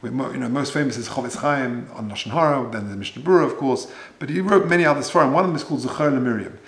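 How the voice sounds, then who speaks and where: A rabbi teaching his weekly Torah class speaks in a racing, gravelly, mid-range voice. His lecture is conversational, sprinkled with Hebrew and Yiddish terms and rhetorical questions, and the room is echoey.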